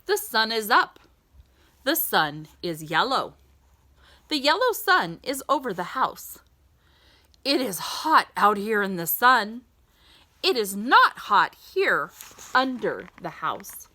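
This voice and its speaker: A woman reads a picture book aloud very slowly in an exaggerated sing-song storytime style, her pitch leaping high and swooping low in big swings. Her tone is bright and clear, and she pauses now and then to ask the listener questions.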